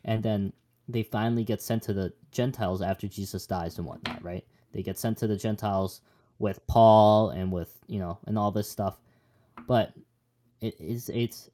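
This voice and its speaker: A man's voice: fairly low pitch, mellow. A young man co-hosting a podcast, chatting casually about Bible passages in a rambling, joking way with many restarts. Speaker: podcast co-host.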